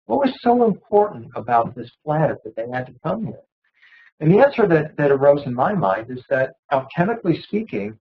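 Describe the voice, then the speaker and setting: A man giving an earnest lecture on ancient mysteries, often pausing on fillers and repeated words. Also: a little high, lo-fi sound. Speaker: presenter of an ancient mysteries series.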